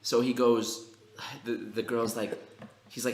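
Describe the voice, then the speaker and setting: A man co-hosting a casual podcast, telling animated stories loaded with profanity and slang. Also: mid-range voice, a little slow, reverberant. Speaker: podcast co-host. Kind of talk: casual chat, storytelling.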